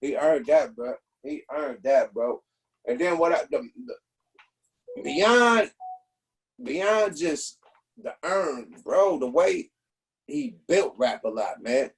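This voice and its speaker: Husky, high-voiced man telling profane stories. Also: takes it slowly, pauses often. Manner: profane, emphatic, animated. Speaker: interview guest telling stories. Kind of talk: casual storytelling chat.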